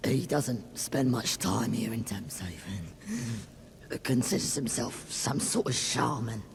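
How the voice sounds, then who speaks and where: An actor playing a weary male leader of a fish-like river people, speaking in slow, hesitant pleas in video game dialogue. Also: medium pitch, animated, vocal fry, slight background noise. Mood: pleading.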